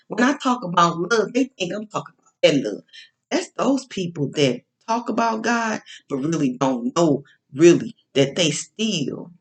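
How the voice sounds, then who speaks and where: A woman giving a casual, sermon-like monologue about faith and love, with informal slang, repeating phrases for emphasis and often restarting her sentences. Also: fairly low pitch. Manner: preachy, repetitive, building emphasis. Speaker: online speaker on faith and love.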